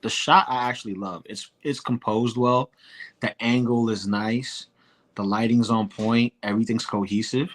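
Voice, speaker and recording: A man's voice: medium pitch, fairly even intonation, normal speed. Joking, emphatic male co-host. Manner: joking, emphatic, repeats phrases. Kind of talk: casual livestream chat.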